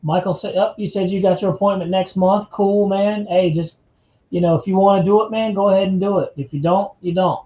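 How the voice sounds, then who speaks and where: Male livestream host, easygoing chatter, slightly high, mellow tone, echoey home setup. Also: fairly even intonation, a little fast, dull audio. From North Carolina, US. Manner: laid-back, chatty, calls viewers man and dude. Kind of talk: casual live chat.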